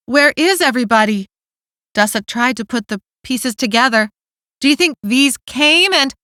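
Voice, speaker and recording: Crisp, bright woman narrating an audiobook. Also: fairly high pitch, no room sound, clean studio sound. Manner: steady, clear storytelling. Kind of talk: scripted narration.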